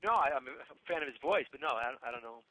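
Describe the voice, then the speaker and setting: Fast-talking, bright-voiced guest. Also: male voice, mid-range voice, animated, vocal fry, no room sound, poor audio. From Italian-American family. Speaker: guest musician. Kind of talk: casual interview chat.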